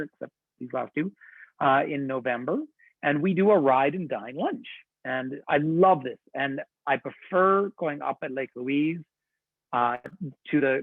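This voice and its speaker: A man's voice: mid-range voice, dry recording. A man working as a tour director, giving an enthusiastic, chatty webinar presentation. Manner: chatty, enthusiastic storytelling with laughs. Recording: tinny phone-like line, dry.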